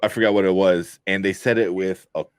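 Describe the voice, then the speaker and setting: A man's voice: low voice, fairly even intonation, a little fast, smooth, no echo, clean studio sound. A young man co-hosting a casual movie review chat, rambling with lots of fillers and restarts. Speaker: podcast co-host.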